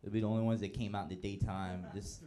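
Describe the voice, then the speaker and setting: A man's voice: on the low side, level tone, fast, warm tone. A man performing a stand-up comedy set with a laid-back delivery. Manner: laid-back delivery, acts out quoted voices. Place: live comedy show with audience.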